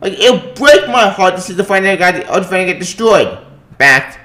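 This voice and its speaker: A gaming vlogger delivers an angry, profane solo rant. He stumbles, repeats himself and keeps circling back to his complaint. His voice sits slightly high and rings in an echoey room. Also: animated, pushed and bright. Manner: profane, agitated, repetitive, halting.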